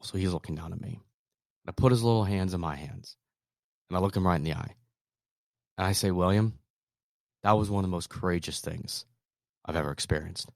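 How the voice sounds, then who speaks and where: A man in his thirties hosting a motivational talk, earnest, moving between hushed softness and emphatic bursts. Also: sits low, gravelly, no room sound, clean studio sound. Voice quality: soft calming voice in quoted comfort. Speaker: podcast host.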